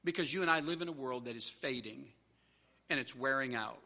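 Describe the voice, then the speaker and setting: A man's voice: medium pitch, brisk, vocal fry, sharp tone. A man preaching a sermon as pastor, earnest and emphatic, mixing plain storytelling with repeated call-and-answer lines. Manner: conversational storytelling with restarts.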